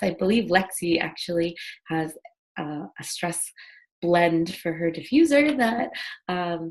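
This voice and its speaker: A woman hosting an online wellness workshop over a video call, talking in a friendly, chatty way and guiding listeners through a breathing exercise. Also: on the low side. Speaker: workshop host. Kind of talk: casual online workshop talk.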